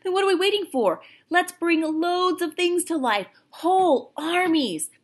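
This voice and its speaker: A wide-eyed young boy, breathless with wonder and sometimes hushed to a whisper, as a woman reads him from a storybook. He is eager and gets swept away by his own excitement. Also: very high voice, unhurried, voice pushed up. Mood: excited.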